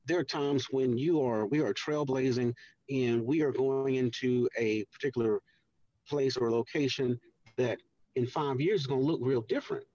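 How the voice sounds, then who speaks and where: Male radio guest, husky, earnest explainer, heard from a distance on a dull line. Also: medium pitch, darkish tone, dry recording. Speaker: guest, housing redevelopment official. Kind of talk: radio interview talk.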